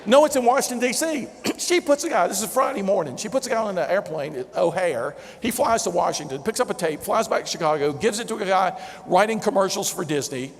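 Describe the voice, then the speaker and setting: A man with a Southern drawl delivers a lively storytelling keynote and chuckles at his own anecdotes. His voice sits high for a man. The long reverb of a huge convention hall trails after each phrase. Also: a little fast, few pauses. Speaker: motivational keynote speaker. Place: large convention center hall before a big audience.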